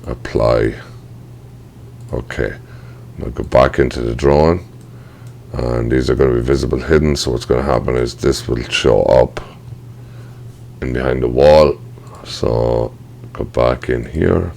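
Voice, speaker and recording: A man with a very deep voice, his low notes gravelly, walks through a software tutorial at his computer. He talks casually, thinks aloud and says sorry when he slips. It sounds like a desk mic indoors. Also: fairly even intonation, a little slow, long pauses, slight background noise. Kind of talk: screen-recorded software tutorial.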